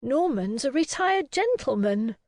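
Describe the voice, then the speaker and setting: A fussy, worried older woman in a storybook, as a woman narrator puts her on. She frets and insists, and her voice swings high and low. She speaks slowly, close to a dry mic. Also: very animated, darkish tone, no room sound, full character voice. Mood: fretful. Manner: fretful and insistent.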